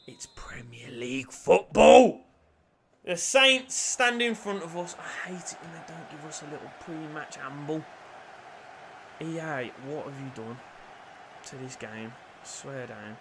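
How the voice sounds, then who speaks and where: A young man commentating his own football video game, swinging from low mutters to loud shouts and cheeky jokes. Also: a little slow, background noise. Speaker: gaming YouTuber.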